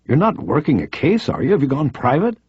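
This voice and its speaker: A man voicing a friendly, sharp woman crime reporter with a faint Jamaican accent and a breezy, teasing manner. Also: on the high side, wildly swooping pitch, brisk, breathy edge, no room sound, pitched above the performer's own voice, heavily acted. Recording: dry, slightly dull audiobook recording.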